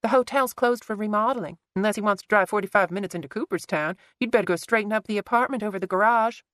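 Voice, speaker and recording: Woman doing a nosy bossy little sister voice, pitched up, pokes at everyone. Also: quick pace, a bit bright, no echo, clean studio sound, natural voice. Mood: needling. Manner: blunt, needling. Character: pushy, blunt younger sister, adult woman.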